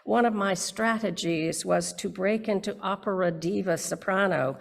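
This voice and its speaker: An older woman minister giving a reflective sermon in a slow, measured way, with dramatic readings. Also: medium pitch, gravelly. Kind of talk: reflective sermon with read poetry.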